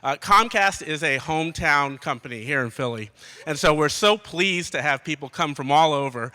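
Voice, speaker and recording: A man's voice: a little high, animated, moderate pace, sharp tone. A man giving a sponsor speech to a crowd, a little out of breath and upbeat. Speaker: corporate sponsor speaker.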